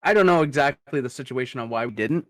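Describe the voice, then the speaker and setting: A man in his thirties co-hosting a podcast, relaxed and rambling, with lots of "like". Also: medium pitch, fast. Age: 30s. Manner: relaxed, rambling, full of "like" fillers. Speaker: podcast co-host. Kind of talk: casual chat.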